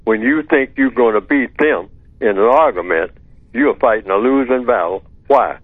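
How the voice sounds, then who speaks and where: Male radio guest calling in on a phone line, lo-fi and dry, measured and lecturing. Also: medium pitch, lively intonation, no echo. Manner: measured, lecturing, asks and answers his own rhetorical questions. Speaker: guest expert on call-in radio. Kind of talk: talk radio discussion. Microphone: telephone.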